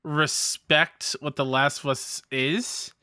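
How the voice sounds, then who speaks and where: A young man co-hosting a casual podcast, gushing with excitement in quick bursts. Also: fairly high pitch, dry recording, clean studio sound. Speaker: podcast co-host.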